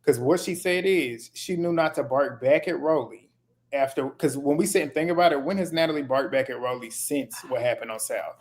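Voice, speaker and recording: Measured voice arguing a point. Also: medium pitch. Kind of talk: live recap chat.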